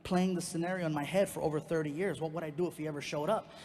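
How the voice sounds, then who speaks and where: A man doing stand-up comedy, telling a long personal story in an animated way and leaping into loud high voices for his characters. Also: rapid-fire, crowd noise. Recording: reverberant venue with faint background noise.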